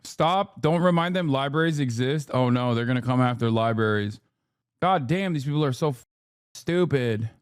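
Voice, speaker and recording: A man giving casual reaction commentary as a streamer and political commentator, ranting in a profane way with quick asides. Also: mid-range voice, smooth, no room sound, studio quality.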